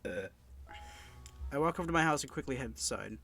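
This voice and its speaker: A man's voice: mid-range voice, animated, brisk, gravelly, a bit bright, soft background music. A young man with a stuffy nose from sinuses, reading a visual novel game aloud in a subdued, somber way with stumbles. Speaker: let's-play narrator.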